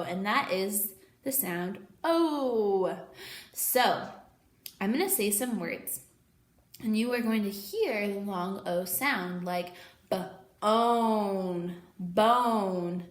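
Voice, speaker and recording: A woman teacher giving an online lesson to young children, slowly and clearly sounding out letters and words. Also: mid-range voice, roomy sound.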